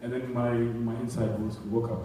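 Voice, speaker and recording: A man's voice: mid-range voice, level tone, moderate pace, warm tone. Young guy doing rambly stand-up, mic kinda far off, echoey room w/ faint hum. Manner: rambling, self-deprecating asides. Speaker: stand-up comedian. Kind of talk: stand-up set. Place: comedy club stage. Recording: echoey club heard from far off.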